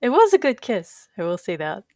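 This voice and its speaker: A woman's voice: mid-range voice, wildly swooping pitch, a little fast, warm tone, no echo, clean studio sound. A woman co-hosting a podcast, casually recapping a TV episode, chatty and laughing often. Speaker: podcast co-host.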